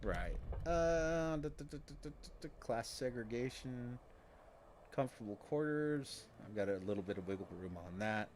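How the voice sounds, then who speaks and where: A man's voice: mid-range voice, expressive, moderate pace, darkish tone, a little hiss or hum. A man streaming a game in casual commentary, rambling and joking with many restarts and repeated words.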